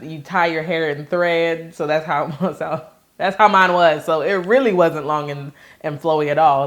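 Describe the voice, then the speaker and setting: A woman from Maryland telling childhood stories to camera as a casual vlogger, lively and acting out the voices of the people she quotes. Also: sits low. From Maryland, USA. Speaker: vlogger and host.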